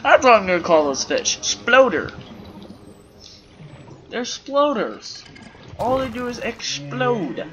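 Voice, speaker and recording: A man's voice: very high voice, big pitch swings, slow, long pauses, a bit bright, highs cut off, a little hiss or hum. A man doing goofy, rambling let's play commentary, full of silly wordplay, over game sounds. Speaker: gameplay commentator.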